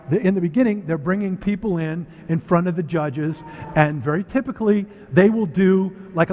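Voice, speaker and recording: High-voiced man preaching in a reverberant church. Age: middle-aged. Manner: conversational and animated, acting out quoted voices. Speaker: guest speaker. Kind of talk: church talk to a congregation. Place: church sanctuary. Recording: phone-like, thin sound with long hall reverb.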